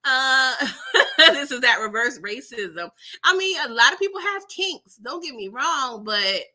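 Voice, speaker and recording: A woman hosting a casual TV recap livestream, with a bright, sharp tone. Her pitch swings widely as she slips into quick impressions of the characters. She talks in an animated, dramatic way, full of slang and exclamations. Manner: mimics characters' lines in quick voices. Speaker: recap channel host.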